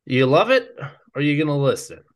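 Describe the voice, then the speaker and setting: A man's voice: a little high, sing-song, a little fast. Playful young man announcing picks. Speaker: podcast co-host. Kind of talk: casual sports chat, announcing draft picks.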